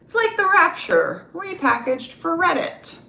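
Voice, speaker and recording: A woman's voice: extremely high pitch, animated, unhurried, creaky, pushed and bright, reverberant, voice pushed up, exaggerated voice. A woman voicing a smug young gym-bro man who talks in a cocky, know-it-all way.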